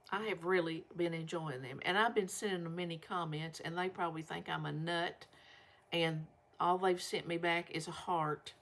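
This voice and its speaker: A woman's voice: on the low side, fairly bright tone. An older woman, chatting folksily and rambling to her viewers as a vlog host. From Southern United States. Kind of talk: casual chat to viewers.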